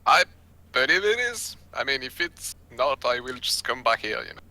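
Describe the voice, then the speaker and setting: A young man with a very bright, sharp-edged voice plays a tabletop character. He talks with easy, joking flippancy at a mid pitch. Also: big pitch swings, normal speed. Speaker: player. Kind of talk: casual in-character game chat.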